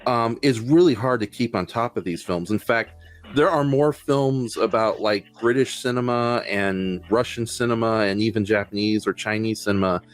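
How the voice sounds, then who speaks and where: Low-voiced man rambling about films. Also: normal speed, soft background music. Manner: rambling, many fillers and restarts. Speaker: podcast host. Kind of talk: casual film podcast chat.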